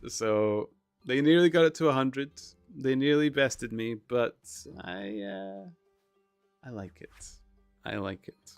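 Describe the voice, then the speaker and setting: A man chatting casually with his viewers on a live stream, relaxed and chuckling. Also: medium pitch, slow, creaky, smooth, dry recording, soft background music. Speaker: livestreamer.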